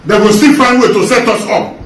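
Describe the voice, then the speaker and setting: A man's voice: high voice, brisk, fairly bright tone. Man, Nigerian Pidgin accent, fiery and repetitive, roomy echo, faint background noise. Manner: impassioned, repetitive, denouncing. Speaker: protester. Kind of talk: street protest rant. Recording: echoey, from far off, faint noise.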